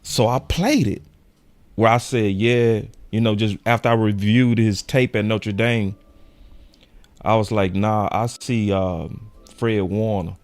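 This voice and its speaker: A young man hosting a sports show in casual, animated chat, full of slang and quick laughs. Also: on the low side. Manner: animated, slangy, laughs often, quotes fans in raised voice.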